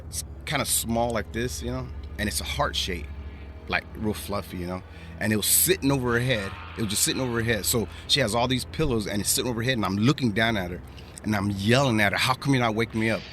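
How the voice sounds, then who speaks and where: Low, bright-voiced man telling a story. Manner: rambling, repeats himself, slangy. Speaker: podcast host. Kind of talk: casual storytelling.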